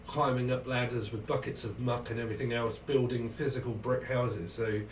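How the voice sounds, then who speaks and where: A middle-aged man from England, speaking with a Cambridgeshire accent, rambles casually to viewers during a live tarot stream. His voice is medium-pitched and fairly even at a moderate pace, captured in a roomy recording with a distant mic and slight noise.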